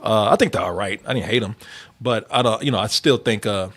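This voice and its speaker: A man's voice: lowish voice, fairly quick, a bit bright. A man hosting a casual movie review chat, talking loosely with lots of laughs, fillers and restarts. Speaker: movie review show host.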